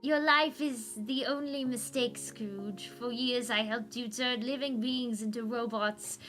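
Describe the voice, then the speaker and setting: A woman's voice: a little high, steady tone, measured pace, fairly bright tone, soft background music. Woman doing a snivelly TV ghost. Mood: mournful. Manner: snivelly, whiny impression. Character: snivelling male TV ghost, evil ex-partner. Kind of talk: comic read aloud with voices.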